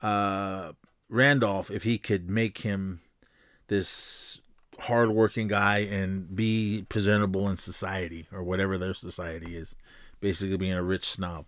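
A man's voice: low-pitched, flat delivery, unhurried, a bit bright, dry recording. Rambling male podcast host in a dry room. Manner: rambling, full of fillers, acts out quotes. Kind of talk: casual movie recap.

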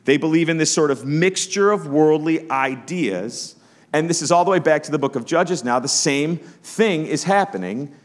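A man's voice: fairly high pitch, expressive, moderate pace. Guy giving a sermon in church, chatty preaching, acts out the bible characters' voices. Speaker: pastor.

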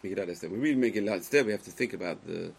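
A man giving a Torah lecture to a live class, speaking emphatically, swinging between loud exclamations and quiet asides, and putting questions to his listeners. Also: low-pitched, expressive, racing, gravelly, breathy edge, poor audio. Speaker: Torah teacher.

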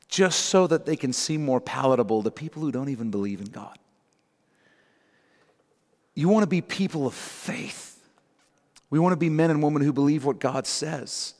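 A male pastor preaching in an emphatic, direct manner, pressing his points through repetition at a mid pitch. His voice rings with long reverb through a large sanctuary. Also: moderate pace, darkish tone. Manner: emphatic, repeats key phrases, direct exhortation. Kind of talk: sermon. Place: church sanctuary.

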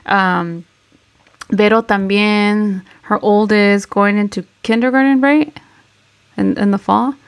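Gravelly-voiced woman co-hosting a podcast. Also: mid-range voice, fairly even intonation. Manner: code-switching between English and Spanish, halting and reflective. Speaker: podcast co-host. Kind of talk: casual chat.

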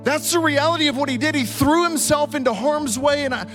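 A man in his thirties with a notably high voice delivers a sermon from a church stage. He tells his stories with animated, vivid energy. Soft music plays faintly behind him. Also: brisk. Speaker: pastor. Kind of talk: storytelling sermon.

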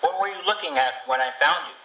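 A man putting on a bright, eager little girl. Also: a little high, a little fast, slight background noise, pitched above the performer's own voice. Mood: eager, chatty. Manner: eager, chatty, lightly teasing. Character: curious bold little girl. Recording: roomy, distant, dull sound.

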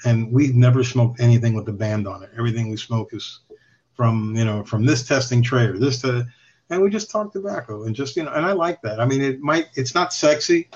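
A podcast guest with a medium-pitched, slightly dark voice talks briskly, rambling through stories in casual chat, swearing and chuckling along the way. The lo-fi recording sounds a bit dull.

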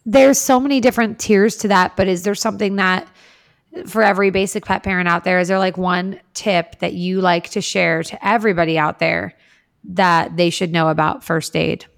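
A woman's voice: lowish voice, fairly even intonation, normal speed, creaky. A woman co-hosting a pet podcast who chats casually and asks her guest friendly questions. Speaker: podcast co-host. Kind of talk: casual chat.

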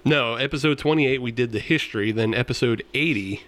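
A man's voice: medium pitch, fairly quick, a bit bright. A man co-hosting a beer podcast, casual chat with dry asides. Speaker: podcast co-host.

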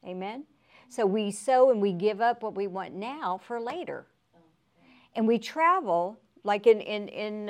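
A middle-aged woman gives a casual devotional Bible teaching. She talks in a chatty way, often laughing and adding tag questions. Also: medium pitch. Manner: laughs often while speaking.

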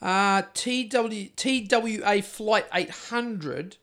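A New Zealand man with a notably high voice, chatting on a podcast mic. He rambles from tangent to tangent, swears freely and keeps things jokey. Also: drawn-out words, a bit bright. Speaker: podcast host. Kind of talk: casual chat.

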